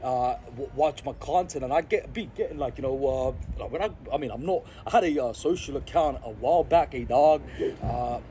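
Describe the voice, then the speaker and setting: A man's voice: mid-range voice, brisk, warm tone, a little hiss or hum. A man from Sri Lanka vlogging outdoors in a rambling, casual monologue. He is full of slang and keeps saying "hey, dog" and "I gotta be honest.". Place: outdoors in an urban spot.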